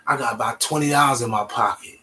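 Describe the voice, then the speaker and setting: A young man telling a personal story in casual, animated street slang, swearing freely. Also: medium pitch, quick pace, slight background noise. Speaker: vlogger.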